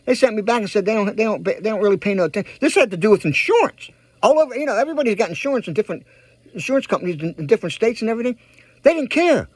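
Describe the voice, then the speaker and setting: A man's voice: sits high, big pitch swings, racing, dry recording. A man ranting heatedly to his viewers, repeating himself for emphasis and urging them to act. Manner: heated, repetitive, emphatic, addresses viewers directly. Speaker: political vlogger. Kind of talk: ranting direct-to-camera commentary.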